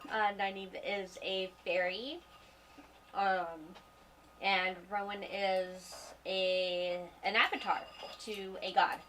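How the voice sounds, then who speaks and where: A woman introducing her characters in a tabletop game, hesitant and unhurried with many fillers. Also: mid-range voice, fairly even intonation, fairly bright tone. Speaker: player. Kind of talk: casual self-introduction. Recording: distant mic with faint noise.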